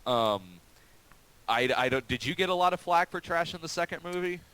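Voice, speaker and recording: A man's voice: on the high side, normal speed, bright, forceful tone, clear, resonant tone, low-quality recording. A man hosting a casual stream chat, talking in a profane, rambling way with many restarts.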